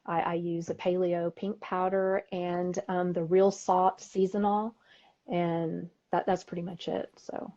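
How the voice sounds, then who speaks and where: A middle-aged woman with a Texan accent, co-hosting a podcast and telling stories in a chatty, animated way. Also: on the low side. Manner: chatty, storytelling, lively voices for quoted people. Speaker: podcast co-host. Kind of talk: casual chat. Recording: dull lo-fi audio.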